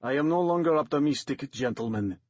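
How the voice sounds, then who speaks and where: A man voicing a squat, bald male mad doctor with a thick foreign accent, speaking gravely and formally in a dry, slightly dull recording. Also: mid-range voice, lively intonation, normal speed, no room sound.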